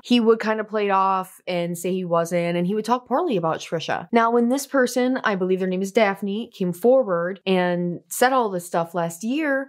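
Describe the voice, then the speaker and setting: A woman hosting a commentary vlog, talking in a chatty, offhand way with filler asides. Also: mid-range voice. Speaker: commentary channel host.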